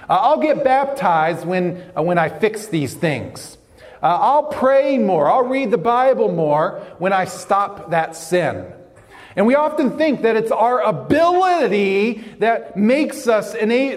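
A young man preaching a sermon, telling stories earnestly and slowing down for emphasis. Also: high-pitched. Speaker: pastor. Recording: long hall reverb.

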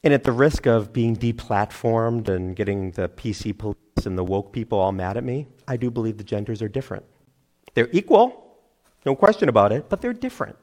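A middle-aged man preaching a sermon, animated, acting out crowd voices and laughing at himself. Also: fairly low pitch, brisk. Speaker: pastor.

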